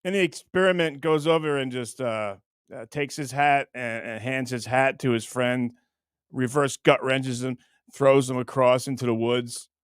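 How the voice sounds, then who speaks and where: A man's voice: medium pitch, steady tone, measured pace, clear, resonant tone, dry recording, clean studio sound. A man hosting a show, riffing through comic bits in casual chat and laughing often. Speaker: host.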